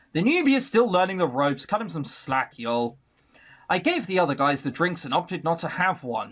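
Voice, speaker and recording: A man's voice: a little high, a bit bright. A man playing through a visual novel, reading the text aloud and making sarcastic asides between lines. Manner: switches between narration and character voices. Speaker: visual novel let's player.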